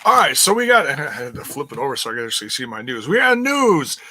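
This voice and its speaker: A man's voice: medium pitch, very animated, fast talker, bright, forceful tone. A man co-hosting a casual wrestling podcast, reading out the news in a rambling way with many fillers.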